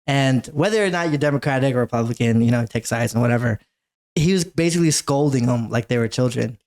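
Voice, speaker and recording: A young man co-hosting a podcast in casual chat, teasing and playfully flattering his partner. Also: medium pitch, fast. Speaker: podcast co-host.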